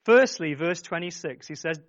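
A man's voice: on the high side, normal speed, a bit bright, no echo, highs cut off. A man preaching a sermon, speaking emphatically, repeating his phrases and urging the congregation on. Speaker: pastor.

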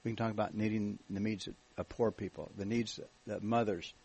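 American guy preaching at church, low husky voice, easygoing jokey storytelling. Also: fairly quick, poor audio. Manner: jokey, relaxed storytelling with restarts. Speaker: guest minister. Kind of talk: church talk, testimony. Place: church meeting.

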